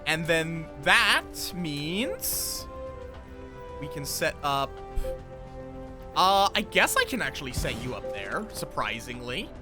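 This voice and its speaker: A man's voice: fairly high pitch, very animated, slow pace, long pauses, over music. A man casually commenting on his live game stream, chatty and thinking aloud, greeting viewers as he builds.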